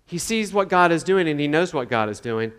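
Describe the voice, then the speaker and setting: A man's voice: fairly high pitch, animated, brisk, fairly bright tone, clean tone. Conversational male preacher in a hall. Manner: conversational, acts out quoted voices. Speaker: pastor. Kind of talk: sermon.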